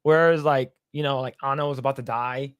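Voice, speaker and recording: A man's voice: mid-range voice, fairly even intonation, fairly quick, fairly bright tone, clean tone, no echo. Man, podcast co-host, casual rambling chat, lots of laughing, dry close sound. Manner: rambling, laughs a lot while retelling jokes.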